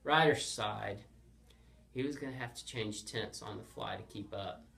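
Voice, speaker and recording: A man hosting and narrating a comic story with a playful, deadpan delivery. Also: fairly low pitch, a little slow, gravelly. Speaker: storyteller host.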